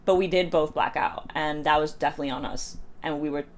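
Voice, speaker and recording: A woman's voice: deep voice, fast. Chatty young American woman telling a story. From United States. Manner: chatty, heavy use of "like", acts out quoted voices. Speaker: vlogger. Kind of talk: casual storytime. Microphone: phone.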